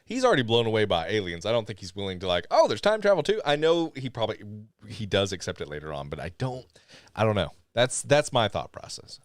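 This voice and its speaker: A man co-hosting a live podcast in casual chat, animated and laughing often as he reads listener comments aloud. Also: lowish voice, quick pace, no echo, clean studio sound. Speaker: podcast co-host.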